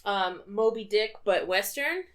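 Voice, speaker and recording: Young woman, podcast co-host, casual chat, giggly, lively pitch, unhurried. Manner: laughs a lot, animated and giggly.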